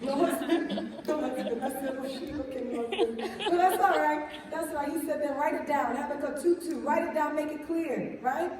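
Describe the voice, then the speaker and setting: A woman giving an animated faith testimony to a live audience, laughing as she tells her story and often asking "right?". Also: sits high, moderate pace, hardly any pauses, a crowd in the background, noisy background. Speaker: speaker sharing testimony. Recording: echoey hall from far off.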